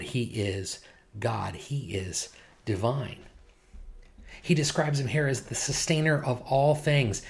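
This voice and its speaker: A man's voice: on the low side, gravelly, darkish tone. A man preaching, earnest and conversational, who mixes scripture with casual stories from home. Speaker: pastor. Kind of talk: sermon.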